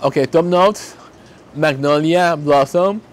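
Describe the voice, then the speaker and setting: A man making candles, talking in an emotional, heartfelt way and slowly reading out fragrance notes. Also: a little high, slight background noise. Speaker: candle maker. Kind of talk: casual vlog talk.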